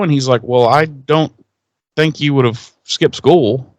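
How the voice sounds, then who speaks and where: A man's voice: medium pitch, unhurried, no room sound. A man co-hosting a podcast, casually recapping an episode and acting out the characters' lines in a raised, swearing voice. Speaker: podcast co-host.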